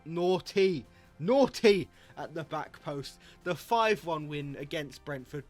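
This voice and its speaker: A young man giving jokey, excitable commentary over a football video game, his voice jumping high when shocked. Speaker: gaming YouTuber.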